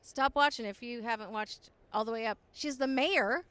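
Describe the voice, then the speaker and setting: High-voiced chatty woman at an interview. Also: normal speed, a little hiss or hum. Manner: chatty, relaxed, quotes fans in voices. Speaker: voice actress guest. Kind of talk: convention interview chat. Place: convention floor.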